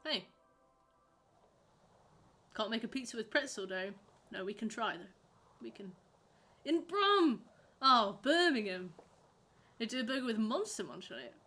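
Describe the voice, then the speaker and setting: Young woman, game streamer, rambling casual chat, bright and slightly high voice. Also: moderate pace, pauses often, soft background music. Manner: chatty, rambling, reacting to chat messages. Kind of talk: casual live-stream chat while gaming.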